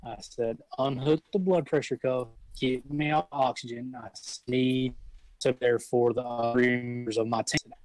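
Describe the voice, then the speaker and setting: Folksy young firefighter telling stories. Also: male voice, medium pitch, a little mellow, no echo, poor audio. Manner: rambling, folksy storytelling with repeated restarts. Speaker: guest, volunteer firefighter. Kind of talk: casual storytelling.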